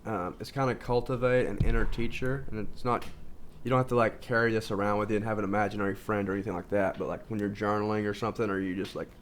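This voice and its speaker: A man with a somewhat low voice talks in a loose, casual monologue. He rambles, restarts his sentences and leans on fillers constantly. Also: little pitch movement, quick pace, a little hiss or hum. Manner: informal, says "like" constantly. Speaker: video host. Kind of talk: casual self-help monologue.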